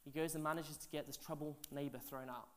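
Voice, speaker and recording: A man, a pastor telling stories in a sermon, animated and chatty with asides to the congregation, his voice swinging from loud to hushed. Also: fairly high pitch, fast talker. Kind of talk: sermon storytelling.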